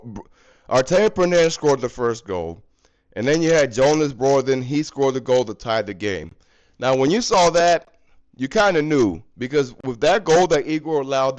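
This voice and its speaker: A man's voice: mid-range voice, a little mellow, rough recording. A young man ranting angrily about his hockey team in a fan video recap, profane and exasperated. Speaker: fan channel host.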